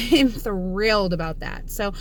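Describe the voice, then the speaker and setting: A woman chatting casually in a vlog, bubbly and excitable, laughing often, just over the flu. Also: high-pitched, moderate pace. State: recovering from flu. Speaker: vlogger. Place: outdoors then at home.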